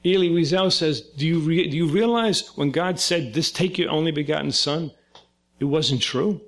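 A man's voice: fairly high pitch, normal speed. An older man from Brooklyn, a psychoanalyst giving a talk and retelling a story, acting out the quoted voices. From Brooklyn, New York. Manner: conversational, acts out quoted voices. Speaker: psychoanalyst lecturer.

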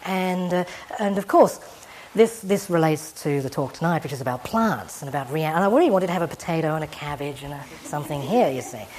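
Wry, lower-voiced woman giving a public lecture. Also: expressive, fairly quick, darkish tone, slight background noise. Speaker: guest lecturer.

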